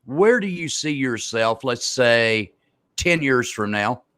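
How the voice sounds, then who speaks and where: A man's voice: mid-range voice, animated, slow pace, a bit bright, clean tone, dry recording, clean studio sound. A middle-aged man hosting an interview in a folksy, chatty way. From American South. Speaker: radio show host. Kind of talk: casual interview.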